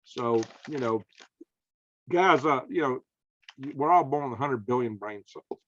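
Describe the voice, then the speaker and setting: A man's voice: mid-range voice, animated, a little slow, fairly bright tone, no echo, highs cut off. A man with a Southern American accent, hosting a casual conversation in a folksy, emphatic storytelling manner. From Southern United States. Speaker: podcast host.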